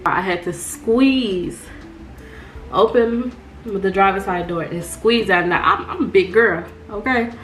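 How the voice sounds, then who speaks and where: A young woman, telling her viewers a story in an animated storytime vlog and calling them y'all. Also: medium pitch, takes it slowly, soft background music. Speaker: vlogger.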